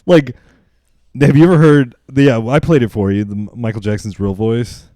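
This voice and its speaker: A man's voice: mid-range voice, steady tone, moderate pace, warm tone, dry recording. A young man co-hosting a casual late-night podcast, rambling through stories, swearing and acting out quotes. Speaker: podcast co-host.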